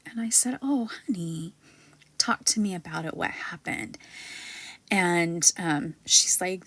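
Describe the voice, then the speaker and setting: A woman past middle age who has a granddaughter, hosting a spiritual panel in casual, rambling talk full of ums and likes, sometimes dropping to a soft near-whisper. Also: medium pitch, unhurried, dry recording. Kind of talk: casual live-stream talk.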